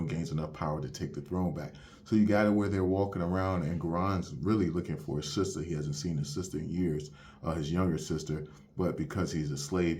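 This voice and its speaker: Low-pitched and darkish in tone, with slight background noise, this young man goes over a manga chapter as a reviewer. His casual, slangy retelling moves through the story point by point, leaning on "you have it where" to set up each beat.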